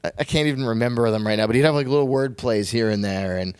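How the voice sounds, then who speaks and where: A man's voice: medium pitch, a little mellow, clear, resonant tone, dry recording. A man co-hosting a casual podcast, telling stories in a loose, rambling way that keeps turning back on himself. He laughs easily and makes fun of himself. His voice sits mid-range and is recorded close and dry on a studio mic. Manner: rambling, self-deprecating, quick to laugh. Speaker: podcast co-host.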